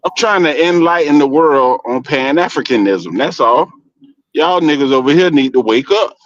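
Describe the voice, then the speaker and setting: A man calling in, talking bluntly and lecturing in a casual, lively way. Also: a little high, normal speed, dry recording. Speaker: guest caller. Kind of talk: casual chat. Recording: dull lo-fi call audio with faint noise.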